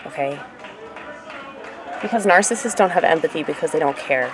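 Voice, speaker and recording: Low-pitched woman, middle-aged, rambling vlog, faint traffic noise. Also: brisk, pauses often. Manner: rambling, laughs at own stumbles, swings from loud to quiet. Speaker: vlogger. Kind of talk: casual monologue to viewers.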